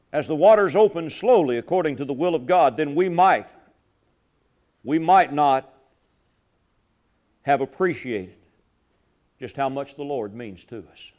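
A middle-aged man preaching a sermon, swinging from loud, fervent lines to hushed ones and repeating his phrases. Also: a little high, highs cut off. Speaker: pastor.

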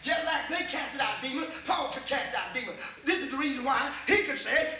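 An older man with a Texan drawl preaches in a strikingly high, bright voice. He tells folksy stories, repeats himself and rises into shouts. The sound rings through an echoey church hall with faint background hum. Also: brisk, few pauses. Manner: folksy storytelling, repeats words, builds to shouts. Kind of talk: folksy sermon.

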